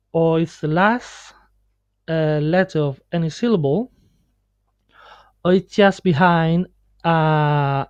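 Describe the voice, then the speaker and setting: Man teaching pronunciation, drawn-out delivery full of fillers; dull lo-fi screencast audio. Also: on the high side, no echo. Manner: slow, halting explanation with many fillers and restarts. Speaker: Spanish teacher. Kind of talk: screen-recorded pronunciation lesson. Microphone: computer mic on a screen recording.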